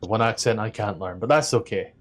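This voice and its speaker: A man running a tabletop game as dungeon master, describing scenes in a halting way with lots of fillers. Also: fairly low pitch. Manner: halting description full of "like" and "kinda".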